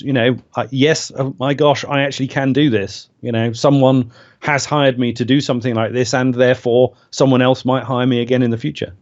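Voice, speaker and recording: A male voice actor telling stories in a relaxed stream interview, rambling with many fillers and pauses. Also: mid-range voice, highs cut off. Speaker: voice actor guest. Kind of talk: casual interview over a stream.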